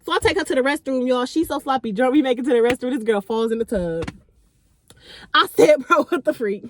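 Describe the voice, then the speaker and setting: A young woman vlogger telling a party story in a casual, animated, blunt way, talking straight to her viewers. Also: high voice, fairly quick, slight background noise. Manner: animated, slangy and blunt, addressing viewers as y'all.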